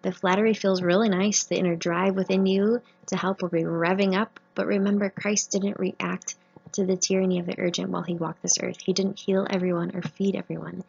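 A woman's voice: mid-range voice, level tone, a little fast, gravelly, darkish tone, husky. A woman in her thirties, a family physician, giving an earnest faith-based talk to medical trainees, sharing her own story. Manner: earnest personal testimony. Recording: muffled lo-fi recording.

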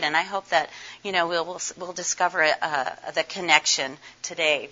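Hoarse older woman giving a talk. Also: fairly low pitch, brisk, bright, forceful tone. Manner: chatty, folksy, asks the audience questions. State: hoarse, scratchy from laryngitis. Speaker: conference speaker. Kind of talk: conference presentation. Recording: dull lo-fi recording.

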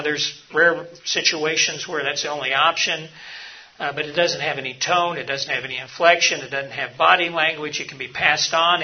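Man, middle-aged, gravelly voice, slightly high pitch, earnest seminar talk, dull lo-fi sound. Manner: earnest, anecdotal, speaks with frequent fillers. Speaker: mission hospital leader teaching a session.

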